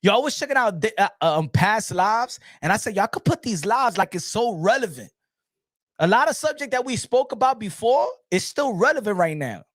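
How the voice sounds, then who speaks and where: A man hosting a casual boxing live stream, animated and laughing, often repeating himself and switching between languages. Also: high voice, moderate pace, dry recording, studio quality.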